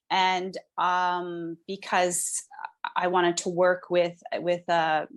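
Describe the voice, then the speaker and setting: A woman's voice: on the low side, little pitch movement, slow pace. A middle-aged woman, a podcast guest, talking casually and searching for words with many restarts. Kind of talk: casual interview talk.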